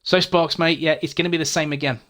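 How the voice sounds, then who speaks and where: A man's voice: on the high side, steady tone, fast talker, fairly bright tone. A man hosting a gaming channel, casually answering viewer comments in a frank, chatty way, often stumbling and repeating words.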